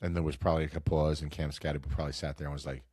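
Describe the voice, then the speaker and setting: This sports podcast host has a bass voice and a level tone, racing along with a slightly mellow quality as he runs a casual talk show. Congested and nasal from a cold, he rambles, interrupts himself, and performs the quotes he repeats. It's a dry, studio-quality recording.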